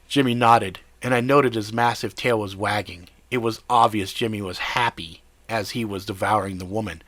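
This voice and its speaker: A man reading a first-person story aloud in a steady, conversational way. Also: on the low side, moderate pace, hardly any pauses, no echo. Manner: steady, conversational narration with casual swearing.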